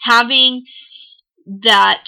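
Bright, giggly young woman co-host. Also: a little high, fairly even intonation, very slow, gravelly, clean tone. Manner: giggly, jokey, frank. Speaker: podcast co-host. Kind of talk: casual chat. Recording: poor sound quality.

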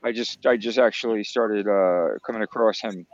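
Low rambling male caller. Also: moderate pace. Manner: rambling, hesitant, many fillers. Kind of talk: casual chat. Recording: dull lo-fi call line.

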